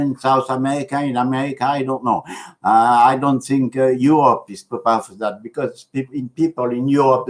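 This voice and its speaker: A man with a non-native English accent giving an earnest, preachy, rambling monologue to his video audience, halting and full of fillers. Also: lowish voice. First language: not English. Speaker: religious video blogger.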